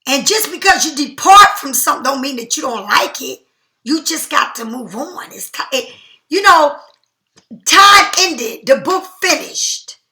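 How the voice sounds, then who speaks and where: Speaking at a measured pace, this woman walks through a tarot reading with loose, slangy animation. She has a high, bright voice, and her surroundings sound echoey.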